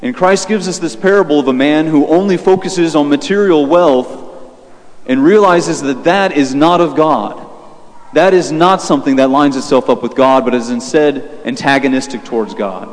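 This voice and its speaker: A man's voice: on the high side, normal speed, big-room sound. A young man, a Catholic priest, preaching a sermon in a conversational way, telling a personal story with fillers and restarts.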